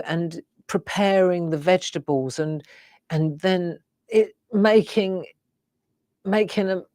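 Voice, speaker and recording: A woman's voice: fairly low pitch, darkish tone, dry recording, clean studio sound. A middle-aged woman, hosting a live craft show and musing in a rambling, reflective way while tearful. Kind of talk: casual live-stream chat.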